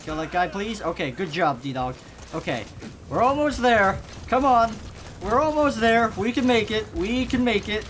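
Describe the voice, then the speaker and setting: Excitable swearing let's-play gamer, noisy. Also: medium pitch, normal speed. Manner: excitable, swears and yells at the game. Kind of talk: gameplay commentary.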